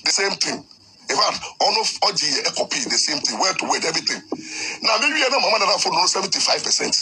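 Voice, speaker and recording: Excitable Ghanaian lecturer telling a story, high and very lively. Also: male voice, quick pace. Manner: excitable, mixes Twi and English. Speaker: lecturer and lawyer. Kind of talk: animated storytelling speech.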